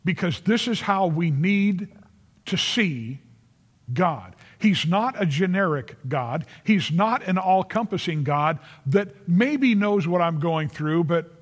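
Earnest preacher, slow and emphatic. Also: male voice, high voice, lively intonation. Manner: earnest, emphatic, repeats phrases for stress; addresses listeners directly by name. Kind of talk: sermon. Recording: long reverb of a large hall.

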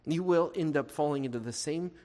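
Brisk and warm, a slightly high male voice belongs to a pastor giving an earnest, conversational sermon. He throws rhetorical questions at his listeners and adds playful asides, recorded in a reverberant hall.

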